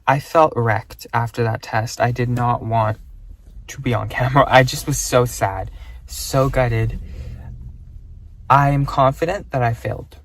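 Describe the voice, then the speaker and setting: A young man from Canada, a student talking casually to the camera in a rambling, self-deprecating way that turns easily excited. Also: mid-range voice. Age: young adult. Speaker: student vlogger. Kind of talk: casual vlog talk to camera.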